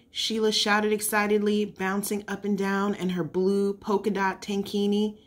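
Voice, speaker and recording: A woman's voice: mid-range voice, flat delivery, moderate pace, hardly any pauses. A woman reading a children's story aloud, unpolished, with occasional slips and self-corrections. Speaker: narrator.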